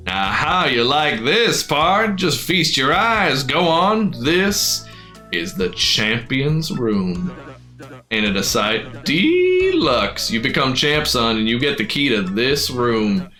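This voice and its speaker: A man's voice: medium pitch, big pitch swings, very slow, a bit bright, faint music behind, heavily acted. A man voicing a boisterous, folksy old male fighting-club boss in a game, with a drawling country twang.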